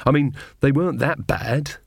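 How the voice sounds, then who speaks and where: A man voicing a frightened, earnest young woman in a storybook reading, speaking anxiously and haltingly. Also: mid-range voice, vocal fry, husky, no room sound, clean studio sound.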